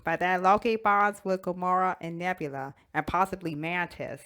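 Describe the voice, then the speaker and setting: A woman hosting a toy channel, telling a fan story in a casual, animated way with frequent giggles. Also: lowish voice, moderate pace, few pauses.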